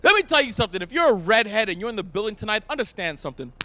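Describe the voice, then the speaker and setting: A young man from Canada doing a stand-up comedy set on stage, animated, laughing often and shouting punchlines. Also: high voice, very fast, slight background noise. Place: event stage before a live audience.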